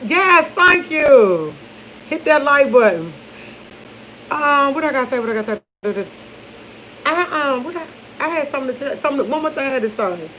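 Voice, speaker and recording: A woman's voice: high voice, animated, a little fast, long pauses, a bit bright, a little hiss or hum, rough recording. A woman chatting over morning coffee to her viewers, rambling and laughing, often losing her train of thought. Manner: loose and chatty, speaks to viewers as y'all. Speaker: vlogger. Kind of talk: casual morning chat to camera.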